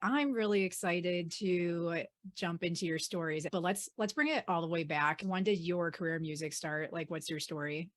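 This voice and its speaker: Woman host asking questions, friendly, kinda low voice. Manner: friendly, quick to laugh. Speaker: podcast host. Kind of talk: casual interview.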